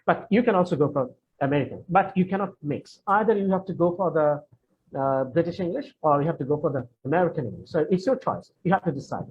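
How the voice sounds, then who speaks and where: A man's voice: on the high side, quick pace. A man leading an online question session for students, answering in a friendly, hesitant way with many fillers and restarts. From Bangladesh. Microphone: video call. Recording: dull lo-fi video call with faint noise.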